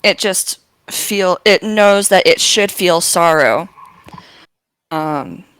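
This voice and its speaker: Slow, halting woman game master. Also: on the low side, fairly bright tone, clean tone, dry recording, low-quality recording. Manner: halting, lots of ums and restarts. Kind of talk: narrating a tabletop game.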